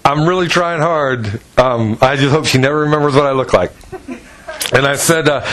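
A pastor preaching to his congregation, telling stories with animated delivery and acting out the people in them. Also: moderate pace, low-quality recording. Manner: animated storytelling, acts out voices with pitch jumps. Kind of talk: sermon.

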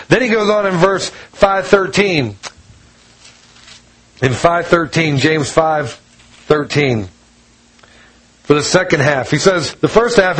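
A man's voice: a little high, lively intonation, slow pace, long pauses, a bit bright, rough recording. A man preaching a casual, conversational sermon, retelling scripture with homey storytelling and frequent chuckles. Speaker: pastor.

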